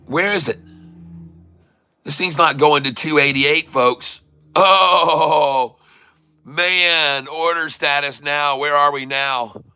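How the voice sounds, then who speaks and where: A middle-aged man hosts a live day-trading stream, giving excited play-by-play and hailing his viewers as "folks." His fairly high, smooth voice is unhurried, and the dry recording carries soft background music.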